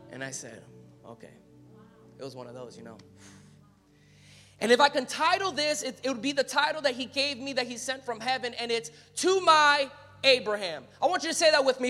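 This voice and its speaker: A man preaching a sermon as pastor, talking casually at times and building to loud, emphatic calls to the congregation. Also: extremely high pitch, lively intonation, fairly quick, long reverb tail, soft background music. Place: church sanctuary.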